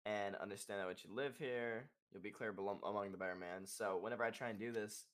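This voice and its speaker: Talking fast with a steady, fairly bright tone, a young male musician on a podcast rambles in a loose, casual way. Fillers and curse words pepper his speech, and he demonstrates a high falsetto singing voice.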